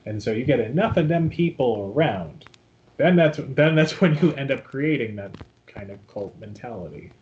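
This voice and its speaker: A man's voice: mid-range voice, expressive, moderate pace, a little mellow, lo-fi sound. A man co-hosting a casual podcast, making wry, joking asides. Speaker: podcast co-host.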